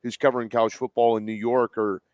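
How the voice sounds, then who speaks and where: A male host with a Southern US accent, chatting about college football and reading team news in a loose, easy way. His voice sits at a middling pitch and sounds dry and close, with no room around it. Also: level tone, quick pace, a little mellow, no room sound, dull audio. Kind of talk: casual sports talk.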